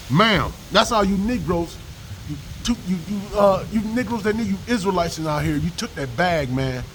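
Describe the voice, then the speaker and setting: A man preaching in a casual, profane, rambling rant, reading scripture aloud between slangy asides. His voice sits high and swings widely in pitch. Faint ambient noise hums behind him. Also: poor audio.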